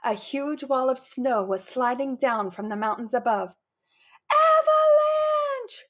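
A woman reading a children's picture book aloud, bringing the characters' lines to life with lively put-on voices. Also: on the high side, normal speed. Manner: animated, putting on lively character voices for quotes. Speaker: storybook reader.

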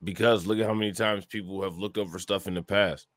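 Male co-host, very low voice, blunt casual takes, dry sound. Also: fairly even intonation, quick pace, no room sound. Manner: blunt, dismissive commentary. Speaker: podcast co-host. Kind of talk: casual podcast chat.

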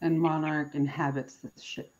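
A woman at a tabletop game cuts in with quick, eager questions. Her voice sits very low for a woman. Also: little pitch movement, a little mellow, muffled recording. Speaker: player. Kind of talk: casual tabletop play.

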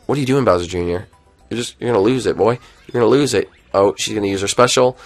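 Excitable young man streaming a game. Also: lowish voice, quick pace, soft background music. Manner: excitable, chatty, jumps between loud outbursts and mutters. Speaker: gaming live streamer. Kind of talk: live gameplay commentary.

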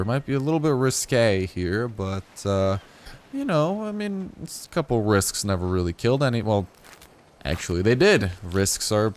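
A young man giving casual, jokey gameplay commentary as a gaming YouTuber, rambling through asides and breaking into excited outbursts. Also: mid-range voice.

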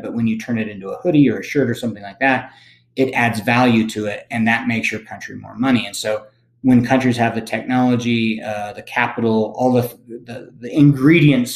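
A man teaching a recorded lesson, explaining in a relaxed, conversational way and often checking in with "okay?". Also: medium pitch, reverberant. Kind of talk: recorded classroom lecture.

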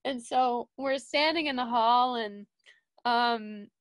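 A young woman and studio manager telling a casual story, full of fillers and restarts, jumping higher when she quotes people. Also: slow pace, dry recording.

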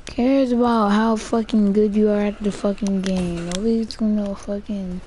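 A woman's voice: medium pitch, steady tone, normal speed, warm tone, a little hiss or hum. A woman gamer giving casual gameplay commentary, frustrated and swearing often, with "bruh" in nearly every sentence.

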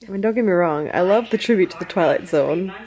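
A woman's voice: on the low side, quick pace, darkish tone. Woman, 30s, casual home vlog, chatty, laughs a lot, talks to her dogs. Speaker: vlogger. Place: at home indoors.

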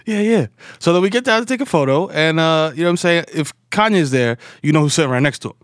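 A man from New co-hosting a comedy podcast, telling stories fast in slangy casual chat with frequent "you know what I'm saying.". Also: fairly high pitch, expressive, dry recording, clean studio sound. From New York. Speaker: podcast co-host. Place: studio.

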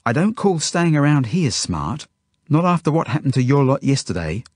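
A man's voice: mid-range voice, very animated, moderate pace, darkish tone, slightly rough, no room sound, clean studio sound, pitched above the performer's own voice. A man reading an audiobook, voicing a cold, hostile grown woman who speaks with scorn. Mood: scornful. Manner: scornful, hard.

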